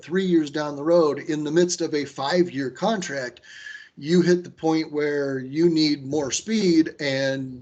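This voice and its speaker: A man leading an online training session on a video call, speaking conversationally with many fillers and restarts and giving firm recommendations. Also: on the high side. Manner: gives firm advice.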